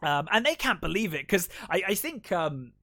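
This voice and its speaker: A man's voice: sits high, very animated, normal speed, bright, forceful tone, no echo, clean studio sound. A man co-hosting a film podcast, casually retelling scenes and acting out the characters' lines with lots of fillers. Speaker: podcast co-host. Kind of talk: casual film review chat.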